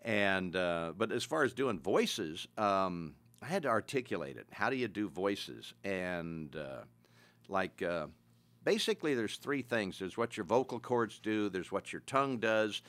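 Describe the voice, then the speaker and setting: An older man with a fairly low voice talks through his craft as an interview guest. He explains things plainly and easily, with the odd chuckle, in casual conversation. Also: expressive, unhurried, a bit bright. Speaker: voice actor guest.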